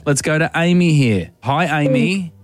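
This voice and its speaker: A man's voice: fairly high pitch, expressive, measured pace, dry recording. A man hosting a radio show, teasing callers in playful, laughing banter. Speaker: radio host. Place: radio studio. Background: music bed.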